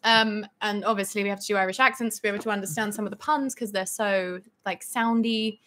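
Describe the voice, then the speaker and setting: A woman's voice: medium pitch, fairly even intonation, fast talker, a bit bright, slight background noise. A woman chatting casually as co-host, giggly and self-deprecating. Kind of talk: casual chat.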